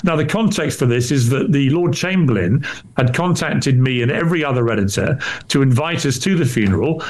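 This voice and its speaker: A man's voice: medium pitch, darkish tone. Indignant man, emphatic. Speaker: interviewee, former newspaper editor. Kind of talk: defensive on-air interview.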